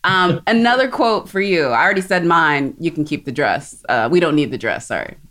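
Low-voiced woman from South Texas. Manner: animated, enthusiastic, quick asides. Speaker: podcast co-host. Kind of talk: casual chat.

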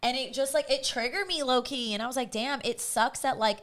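Young woman, podcast co-host, casual chat, frank and profane, slightly high voice. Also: brisk, fairly bright tone. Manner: frank, swears freely, acts out quoted people.

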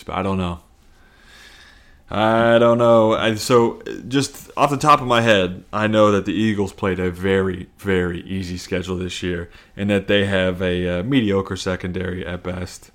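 A man hosting a podcast, chatting casually in a sweary, self-mocking, rambling way. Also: low voice. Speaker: podcast host.

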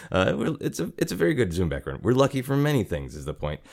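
A man hosts a podcast at home in his apartment, chatting in a loose, rambling style full of self-deprecation and frequent laughter. His medium-pitched voice is gravelly yet a little mellow, swings widely in pitch, and moves a bit quickly.

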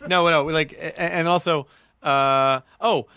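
A man's voice: a little high, fairly even intonation, measured pace, sharp tone, clean tone. A man hosting a casual comedy podcast, bantering playfully and defending himself with jokes. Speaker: podcast host.

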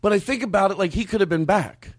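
A man in casual podcast chat who gets excited pitching a comedy bit. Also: quick pace, dry recording, studio quality. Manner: excited, laughing asides. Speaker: podcast co-host.

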